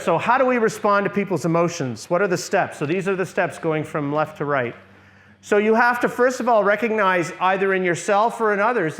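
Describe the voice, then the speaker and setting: A middle-aged man teaching a workshop to a church group, his voice sitting a little high for a man. He talks to the room in a conversational way and keeps checking that people follow. When he models what to say, he drops into a soft, low voice.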